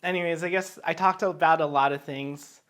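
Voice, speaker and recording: A man's voice: a little high, fairly even intonation, brisk, fairly bright tone, slight background noise. A drunk man hosting a casual cooking show, rambling, joking and swearing freely as he cooks in a home kitchen.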